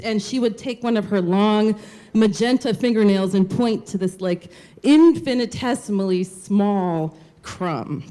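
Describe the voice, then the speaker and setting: A woman's voice: medium pitch, a little slow, dark tone. A woman telling a personal story on stage at a live storytelling show, candid and casual, swearing and saying "like" a lot. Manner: candid, profane, lots of "like".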